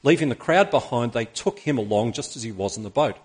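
Man, preacher, husky voice, sermon in church, reads scripture, asks rhetorical questions. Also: medium pitch, expressive, a little fast. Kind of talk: sermon with Bible reading.

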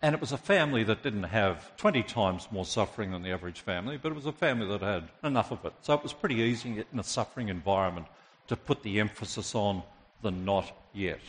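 A male pastor preaching a sermon, asking the congregation direct questions and growing impassioned and loud when he quotes others. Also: lively intonation, quick pace. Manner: impassioned, rises loud and high when quoting.

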